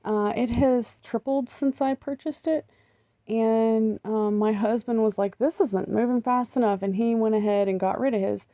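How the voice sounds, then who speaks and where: A woman's voice: a little high, steady tone, normal speed, mellow, dry recording, studio quality. A middle-aged American woman talking casually in a vlog, rambling and chatty with lots of ums and little laughs. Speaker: vlogger. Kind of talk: casual chat.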